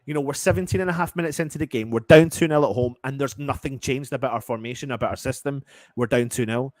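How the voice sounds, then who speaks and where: Man, fan commentator, live reaction, exasperated and profane, mid-pitched voice, dry close mic. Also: fairly even intonation, fast talker, no room sound. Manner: exasperated, swearing, shifts from muttering to shouting. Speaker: fan channel match commentator.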